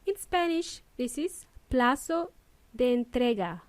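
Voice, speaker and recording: A woman's voice: high-pitched, very animated, unhurried, dry recording. A woman hosting a casual lesson podcast, playful and upbeat, joking between explanations. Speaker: English teacher and podcast host.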